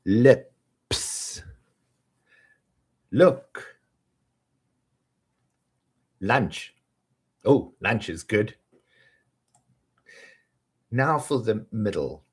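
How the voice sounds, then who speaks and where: A man teaching English pronunciation, leading slow repeat-after-me drills and chuckling between tongue twisters. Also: fairly low pitch, animated, slightly rough.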